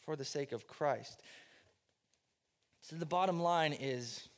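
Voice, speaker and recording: A man preaching a sermon with passion, repeating phrases and swinging between loud pleading and quiet, low lines. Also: slow, big-room sound. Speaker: pastor.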